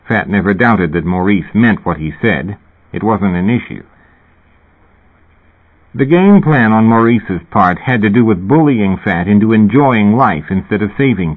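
A man reading a novel aloud in measured, dry scripted narration. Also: on the low side. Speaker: audiobook narrator. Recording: tinny phone-like recording.

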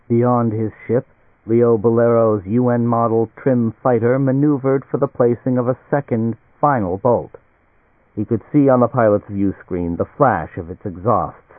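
A man narrating a novel in a measured audiobook reading. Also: medium pitch, fairly even intonation, dry recording. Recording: tinny, phone-like and dry.

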